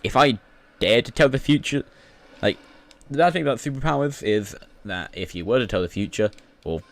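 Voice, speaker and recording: A man's voice: mid-range voice, animated, normal speed, a bit bright, slight background noise. A British man who is a YouTuber, rambling through casual gaming commentary full of fillers and restarts.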